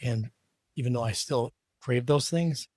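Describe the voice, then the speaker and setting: A man with a husky voice talks hesitantly and modestly, stumbling over his first words. The sound is dry and close. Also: medium pitch, unhurried, darkish tone, dry recording. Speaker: podcast guest. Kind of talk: casual chat.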